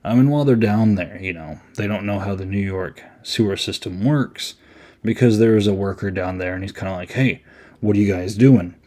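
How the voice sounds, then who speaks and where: Solo podcast host, male, low mellow voice, loose and amused, filler-heavy. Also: fairly quick. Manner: rambling, amused, many ums. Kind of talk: casual solo movie review.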